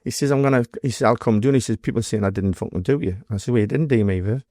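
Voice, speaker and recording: A man's voice: medium pitch, fast, warm tone, no room sound, studio quality. A man with a Geordie accent, a former doorman telling stories in an interview in a blunt, sweary way, acting out what people said. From North East England. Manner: blunt storytelling, heavy swearing, acts out quoted dialogue. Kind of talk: casual interview storytelling.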